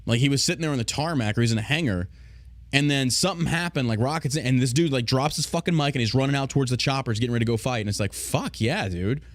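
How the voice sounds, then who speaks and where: A male podcast host rants in loose, profane, sarcastic commentary. His voice sits at an ordinary middle pitch. It is recorded dry on a close studio mic. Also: fast talker, dry recording. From United States. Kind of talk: casual ranting commentary.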